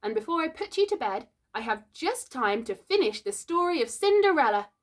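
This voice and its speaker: This is a sweet, prim little girl from a storybook, put on by a woman reading aloud. She sits high in the voice and speaks earnestly, like a small child trying to sound grown-up and motherly. Each line is gentle and careful. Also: big pitch swings, a little fast.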